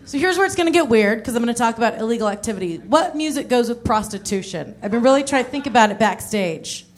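A woman's voice: fairly high pitch, animated, quick pace. A woman in her thirties doing a stand-up set on a comedy club stage, candid and self-mocking, with laughing asides. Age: 30s. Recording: live band music behind.

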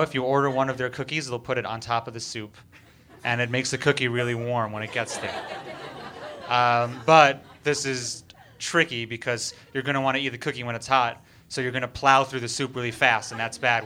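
A man doing stand-up at a microphone, delivering absurd points as if presenting a serious report. His tone is bright and forceful, broken up by hesitant fillers, and it stays deadpan throughout. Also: medium pitch. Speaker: comedian. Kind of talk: stand-up slideshow bit.

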